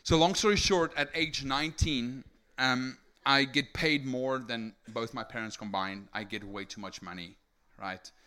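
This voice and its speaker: Man, young adult, from South Africa, preaching testimony, energetic storyteller, bright tone. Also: medium pitch, measured pace, few pauses, clear, resonant tone. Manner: energetic storytelling with many rhetorical "right?" tags. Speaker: speaker giving testimony. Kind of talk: sermon testimony to a live audience.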